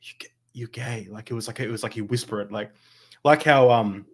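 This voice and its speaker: A man hosting a podcast in casual chat, lively and quick, dropping low when quoting hushed talk. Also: background noise. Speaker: podcast host.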